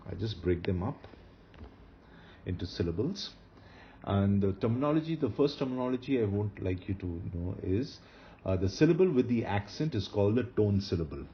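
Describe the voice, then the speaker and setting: Male teacher, lowish voice with a lively lilt, patient explaining; muffled recording with faint hiss. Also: moderate pace. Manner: explanatory, patient, with fillers and restarts. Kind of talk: screen-recorded lecture.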